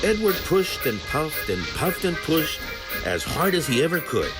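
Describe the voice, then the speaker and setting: A man reading a children's train story aloud, slowly and expressively. His pitch rises and falls dramatically from line to line. Music plays steadily underneath. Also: sing-song. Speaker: narrator. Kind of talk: storybook narration. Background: background music.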